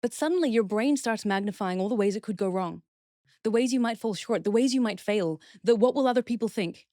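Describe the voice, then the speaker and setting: A woman's voice: mid-range voice, fairly quick, mellow, dry recording, clean studio sound. A woman speaking as a guest expert in a podcast interview, explaining steps earnestly and acting out example phrases.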